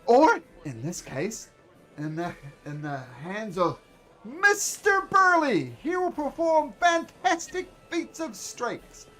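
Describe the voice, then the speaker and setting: A man's voice: very high-pitched, wildly swooping pitch, takes it slowly, sharp tone, soft background music, voice pushed up, full character voice. A man voicing a flamboyant circus ringmaster who announces in a grand showman manner. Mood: announcing. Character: flamboyant male circus ringmaster, showy and booming.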